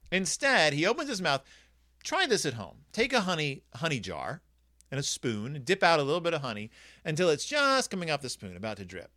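A man's voice: fairly high pitch, wildly swooping pitch, brisk, bright, forceful tone, no echo, clean studio sound. A man giving a casual, rambling and jokey review of a children's book on his video channel.

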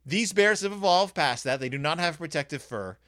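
A man's voice: on the high side, lively intonation, a little fast, fairly bright tone, dry recording, studio quality. A man giving a casual, rambling and jokey review of a children's book on his video channel.

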